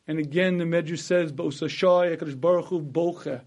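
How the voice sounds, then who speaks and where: A man giving a sermon, retelling a Midrash slowly and deliberately, quoting Hebrew lines and translating each one, with frequent throat-clearing. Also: on the high side, steady tone, darkish tone. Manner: quotes Hebrew text then translates line by line. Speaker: Torah teacher.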